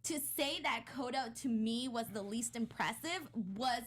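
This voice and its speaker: Woman panelist, higher-pitched, excitable and rambling fan talk. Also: measured pace. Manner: excitable fan, piles up restarts and fillers. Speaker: podcast panelist. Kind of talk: casual chat.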